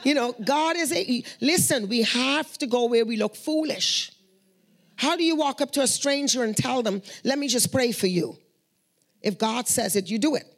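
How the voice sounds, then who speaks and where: A woman's voice: a little high, moderate pace. A woman sharing prayer testimonies in an earnest, conversational storytelling way. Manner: earnest, conversational, acts out quoted voices.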